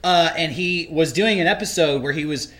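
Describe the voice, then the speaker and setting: A man hosting a casual podcast chat, telling stories in an animated way, swearing freely and laughing often. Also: a little high, moderate pace. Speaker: podcast host.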